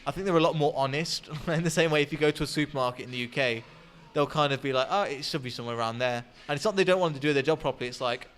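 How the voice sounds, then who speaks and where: A man's voice: fairly high pitch, racing, few pauses, fairly bright tone. Young man, English accent, podcast host, casual chat, laughs often. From England. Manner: chatty, laughs easily, many restarts.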